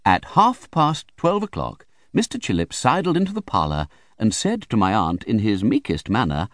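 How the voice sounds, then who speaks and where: A man's voice: fairly low pitch, wildly swooping pitch, moderate pace, hardly any pauses, a bit bright, no room sound. A man narrating a classic novel as an audiobook with vivid, theatrical storytelling. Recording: dry close studio recording.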